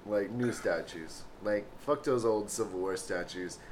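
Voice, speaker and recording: A young man co-hosting a podcast, trading teasing, deadpan sarcastic jabs. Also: fairly low pitch, unhurried, a little hiss or hum. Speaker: podcast co-host. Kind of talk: casual podcast banter.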